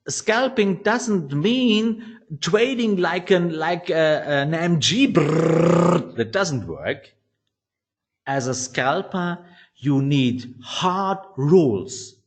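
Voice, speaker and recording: A man teaching trading, telling a blunt story with swearing and acted-out quotes in English. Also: mid-range voice. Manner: blunt, swears, animated, quotes others in shifting voices. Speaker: trading educator. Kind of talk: storytelling lecture.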